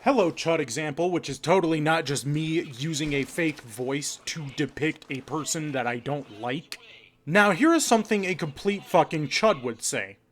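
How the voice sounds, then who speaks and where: A man's voice: a little high, moderate pace. A man giving a direct-to-camera political rant, profane, emphatic and hectoring. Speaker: political commentator.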